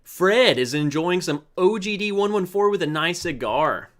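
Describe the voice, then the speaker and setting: A man's voice: sits high, expressive, normal speed, fairly bright tone. A man hosting a live stream, chatting casually and joking as he greets viewers by name. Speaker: livestream host. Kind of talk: casual live chat reading viewer comments.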